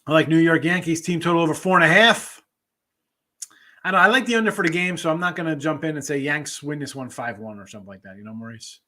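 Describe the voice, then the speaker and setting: Guy hosting a betting picks stream, kinda high voice, rambly casual chat. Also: quick pace, sharp tone. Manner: rambling, chatty, jumps between topics. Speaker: sports betting show host. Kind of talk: casual livestream chat reading viewer comments.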